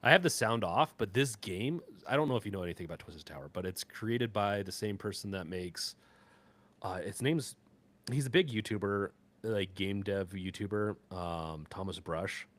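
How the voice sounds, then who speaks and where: A man co-hosting a live gaming podcast, talking casually in a rambling, halting way full of fillers and restarts. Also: on the low side, lively intonation, fairly bright tone. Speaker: podcast co-host.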